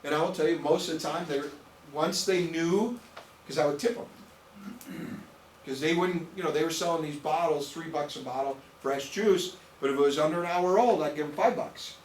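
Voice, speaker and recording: A slightly high male voice at normal speed gives a nutrition session to a small group, hammering points home, repeating words, and asking "okay?". The room echoes, the mic is distant, there is an audience, and faint noise sits underneath.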